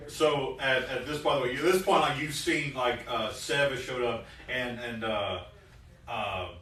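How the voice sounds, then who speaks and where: A man's voice: mid-range voice, measured pace, fairly bright tone. A man narrating a tabletop game as game master, casual and rambling with many fillers. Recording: roomy echo from a distant mic.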